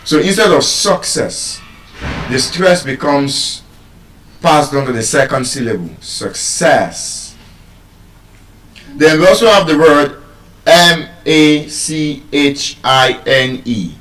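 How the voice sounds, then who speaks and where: A man with a Nigerian accent giving a live talk on pronunciation to an audience, playful and teasing, repeating words slowly to drill them. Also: fairly high pitch, a bit bright. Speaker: public speaker teaching pronunciation. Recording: echoey hall, voice from far off.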